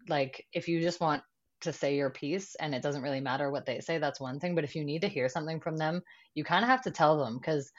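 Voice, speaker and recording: A woman's voice: sits low, muffled recording. A woman guest in a casual podcast chat, talking easily with many fillers and quoted asides.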